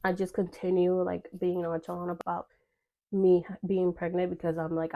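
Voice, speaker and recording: A woman's voice: fairly low pitch, little pitch movement, normal speed, dull audio. A young woman telling a personal story in casual vlog chat, full of fillers and quoted dialogue. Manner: chatty, filler-heavy, acts out quoted dialogue.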